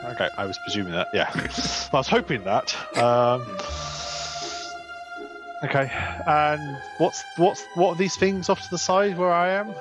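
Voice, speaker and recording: A man's voice: on the high side, a little slow, over music. A man chatting as a player in a tabletop game, asking questions in a dry way. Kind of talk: casual tabletop game chat.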